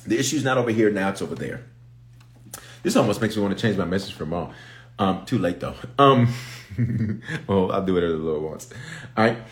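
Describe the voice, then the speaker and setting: A man's voice: deep voice, animated, fairly quick, pauses often. A man, a bishop, teaching from the Bible in an impromptu live stream, emphatic and repetitive, pleading with listeners to pay attention as he builds in intensity.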